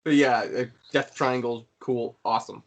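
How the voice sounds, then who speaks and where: A man co-hosting a casual podcast chat, retelling moments with excitement and energy. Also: mid-range voice, moderate pace. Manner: excited storytelling, acts out quotes. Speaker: podcast co-host.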